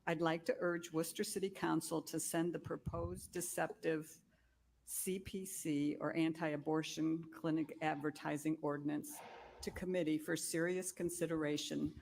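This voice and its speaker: A woman at a council meeting, reading a prepared public comment in a steady, formal way. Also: deep voice, gravelly, slight background noise. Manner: steady, formal, read aloud.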